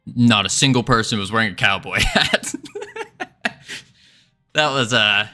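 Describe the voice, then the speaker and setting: A man's voice: lowish voice, measured pace, bright, forceful tone, soft background music. A man, an indie game developer, demoing his game on a casual livestream in a jokey put-on Southern drawl and laughing often.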